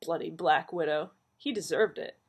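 A woman voicing a blunt, sharp-tongued middle-aged mother who talks briskly and matter-of-factly. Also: low voice, breathy edge. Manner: snappish and matter-of-fact.

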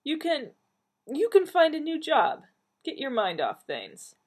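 A woman voicing a blunt, sharp-tongued middle-aged mother who talks briskly and matter-of-factly. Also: high voice, wildly swooping pitch, voice pushed up, exaggerated voice. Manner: snappish and matter-of-fact.

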